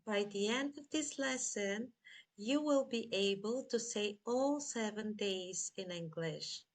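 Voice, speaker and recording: A woman teaching a scripted beginner lesson, drilling words slowly and spelling them letter by letter. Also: medium pitch. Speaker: English teacher.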